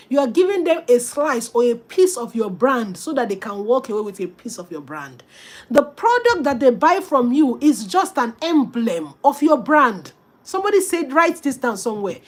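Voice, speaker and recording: A woman coaches business owners in a motivational talk, with an emphatic, preachy delivery. She speaks straight to her listeners. Her voice sits a little high for a woman. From Africa.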